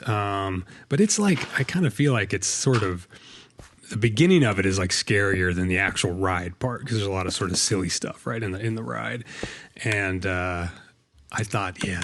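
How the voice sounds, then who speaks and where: A man's voice: on the low side, normal speed, a bit bright, slight background noise. A middle-aged man telling a long personal story in a casual, rambling way while playing a game, with many fillers and restarts. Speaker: Minecraft let's play host.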